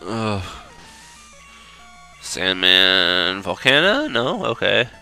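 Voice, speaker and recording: A man's voice: on the low side, big pitch swings, creaky, bright, forceful tone, soft background music. Frustrated young man cursing at a game. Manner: swears and groans at the game, quick to frustration. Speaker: let's play commentator. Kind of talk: gameplay commentary.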